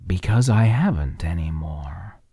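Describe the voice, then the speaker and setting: A man voicing a small, cautious young meadow mouse in a soft whispered role-play, polite but firm. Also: low voice, expressive, unhurried, slightly rough, no room sound, studio quality, exaggerated voice. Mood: wary. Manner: wary, polite, then firm.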